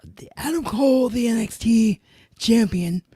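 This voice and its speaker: Man, podcast host, mellow husky voice, dry close sound, excited recap storytelling. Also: very high voice, a little slow, dry recording. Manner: excited storytelling, paraphrasing others in their own words. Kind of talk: solo recap show.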